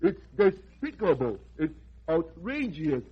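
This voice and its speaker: An actor playing a timid, earnest young male squid running for office, in 1940s radio acting style, with a husky voice, heard through a dull old radio recording. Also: fairly high pitch, big pitch swings, slow pace, faint music behind, exaggerated voice. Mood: indignant. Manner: earnest, flustered, indignant.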